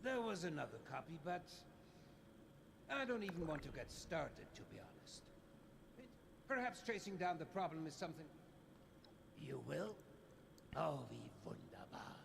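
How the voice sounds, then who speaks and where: A courtly German gentleman. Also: a little high, very animated, measured pace, creaky, long pauses, background noise, heavily acted. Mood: weary. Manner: courtly, theatrical, wordy. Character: formal German gentleman, husband, once blind.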